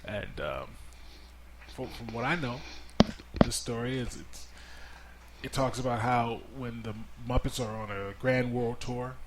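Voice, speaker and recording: A middle-aged man hosting a relaxed family movie review podcast, easygoing and steering the talk with guiding questions. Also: mid-range voice, unhurried, heavy background noise. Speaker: podcast host interviewing his child.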